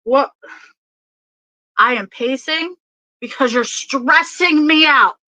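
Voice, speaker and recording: A woman voicing a brash, loud female spirit relative who curses and scolds in exasperation. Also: lowish voice, expressive, a little fast, no room sound, voice pushed down, poor audio. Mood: scolding. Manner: cursing, exasperated yelling.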